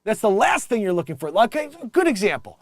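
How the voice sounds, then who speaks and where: A man hosting a casual comedic commentary show, animated and mocking, slipping into quick voices for the people he describes. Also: sits high. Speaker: host.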